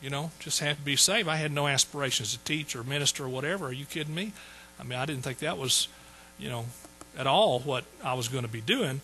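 A man's voice: medium pitch, fast talker, pushed and bright, slight background noise, low-quality recording. A man in his sixties telling his conversion story in a folksy sermon, repeating phrases for emphasis. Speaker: preacher. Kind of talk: sermon testimony.

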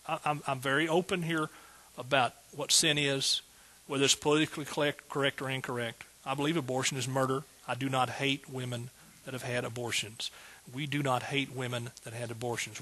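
A man's voice: mid-range voice, bright, forceful tone. A man preaching a sermon as pastor, folksy and joking, building to emphatic bursts.

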